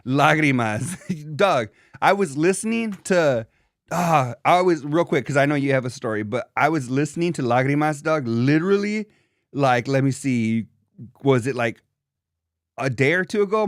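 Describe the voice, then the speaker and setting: A man co-hosting a podcast in animated, profane casual chat, calling his friend "dog". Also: medium pitch, moderate pace, no room sound, clean studio sound. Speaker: podcast co-host.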